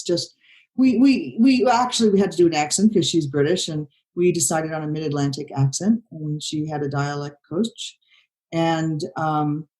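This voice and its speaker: An older woman director talks through her work in a relaxed interview. Her voice sits low and warm. She meanders, restarts her sentences and leans on "you know" constantly. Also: low-quality recording. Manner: rambling, many "you know" fillers and restarts. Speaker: film director, interview guest. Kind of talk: conversational interview.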